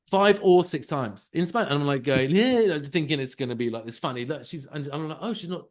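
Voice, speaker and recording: Animated storytelling man in his forties. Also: on the high side, fast. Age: 40s. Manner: animated storytelling, swings between loud bursts and mumbled asides, swears freely. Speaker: podcast co-host. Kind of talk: casual chat.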